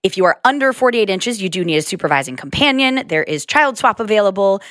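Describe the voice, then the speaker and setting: A cheerful young woman leads a podcast conversation, quick to laugh and keep things moving. Her mid-range voice is close and dry in the studio. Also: mid-range voice, big pitch swings, fairly bright tone, no echo. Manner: bubbly, laughs often, guiding the talk. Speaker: podcast co-host. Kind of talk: casual chat.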